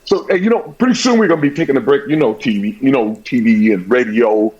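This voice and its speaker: A man hosting a sports talk show, chatting casually and telling a story with lively acted-out bits. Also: medium pitch, fast. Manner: animated storyteller, acts out voices. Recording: dull lo-fi sound.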